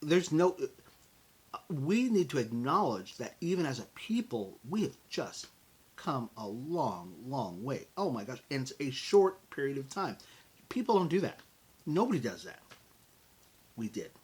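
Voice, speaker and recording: Brief: middle-aged American man, podcast host, husky and breathy tone, lively motivational talk aimed straight at the listener. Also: medium pitch, a little slow. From United States. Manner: animated and conversational, addresses listeners as folks.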